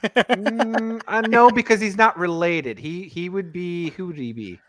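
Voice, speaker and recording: A man's voice: high voice, a little slow, a bit bright, no echo. A man co-hosting a podcast in casual chat, rambling and digressive with lots of fillers. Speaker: podcast co-host.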